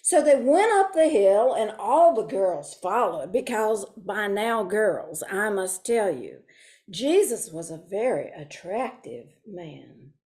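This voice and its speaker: A woman's voice: mid-range voice, lively intonation, slow, darkish tone. A woman voicing a prim, fussy older Sunday school teacher in a comic monologue, talking in a lilting, stagey way full of asides.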